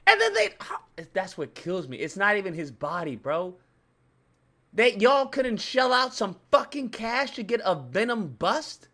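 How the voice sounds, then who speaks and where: A man giving ranting video commentary, profane and animated, repeating his points for emphasis. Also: sits high, measured pace. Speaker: YouTube commentator.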